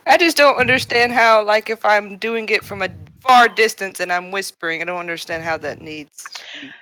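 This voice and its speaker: A woman playing a tabletop game over a voice call, quick and argumentative, often trailing off. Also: mid-range voice, bright, forceful tone, no room sound, rough recording. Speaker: player. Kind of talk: casual chat over a voice call.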